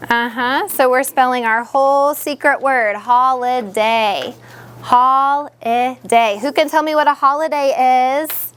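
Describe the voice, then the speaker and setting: A patient, encouraging woman teacher speaking in a classroom, her voice sitting a little on the high side. She stretches words out syllable by syllable for young learners, with a faint hum of noise behind her. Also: steady tone, normal speed, a bit bright.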